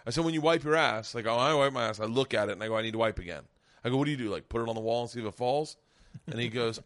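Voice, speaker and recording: A man's voice: medium pitch, racing. A middle-aged man hosting a podcast, telling a profane story in casual chat and acting out the quotes as he goes. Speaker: podcast host.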